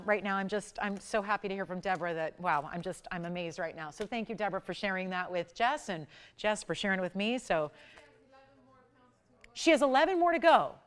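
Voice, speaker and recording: A woman hosting a live jewelry shopping show, effusive and gushing with exclamations as she pitches pieces in a studio. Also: clear, resonant tone. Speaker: shopping channel host.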